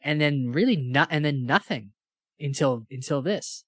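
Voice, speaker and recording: A man's voice: a little high, expressive, normal speed, no echo, clean studio sound. A man co-hosting a podcast, chatting casually and sarcastically about a movie. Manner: sarcastic, mocks characters in put-on voices. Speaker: podcast co-host. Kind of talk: casual chat.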